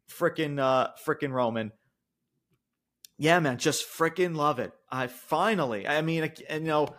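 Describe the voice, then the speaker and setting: A man with a slightly higher-than-average voice talks through a wrestling recap in loose, excitable commentary. He swears freely and often stumbles and restarts mid-sentence. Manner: excitable, profane, trips over words. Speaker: wrestling show reviewer.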